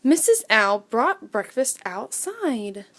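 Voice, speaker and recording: A woman reads a children's story aloud in an expressive, unhurried way and acts out the sound effects herself. Her voice is fairly high and moves widely in pitch, and she takes her time.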